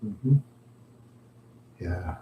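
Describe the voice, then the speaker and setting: Slow, rambling, breathless man. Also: sits low, lively intonation, reverberant, muffled recording, slight background noise. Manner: rambling, sighing, trailing off. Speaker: livestream host. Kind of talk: rambling livestream chat.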